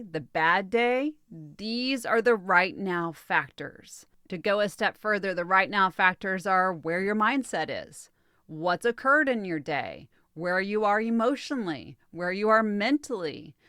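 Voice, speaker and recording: Calm woman coaching, dry close sound. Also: mid-range voice, no echo. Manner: calm, measured, coaching tone with light laughs. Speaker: podcast host and relationship coach. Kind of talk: solo podcast teaching.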